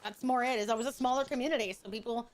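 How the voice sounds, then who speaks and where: A woman's voice: a little high, steady tone, very fast. A woman streamer chatting casually with her viewers, rambling and thinking aloud. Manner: chatty, rambling, talks to chat. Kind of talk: casual livestream chat.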